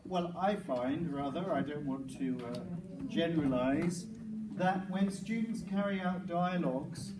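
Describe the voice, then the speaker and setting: A man's voice: fairly high pitch, measured pace, roomy sound. Man, workshop presenter, explanatory, hesitant restarts, noisy room, distant mic. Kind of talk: teacher-training workshop talk. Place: crowded room.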